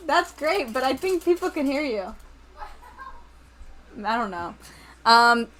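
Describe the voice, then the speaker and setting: A woman's voice: high-pitched, big pitch swings, slow pace, long pauses, a bit bright. A woman streaming a game with a friend, chatting casually, swearing and laughing, and reading out a game guide. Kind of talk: casual gaming stream chat. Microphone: desk mic picking up the room.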